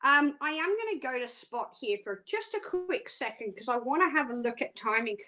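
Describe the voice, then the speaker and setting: A woman's voice: high voice, very animated, moderate pace. A chatty, playful woman hosting a live psychic reading and humming little tunes between thoughts. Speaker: psychic reader, host.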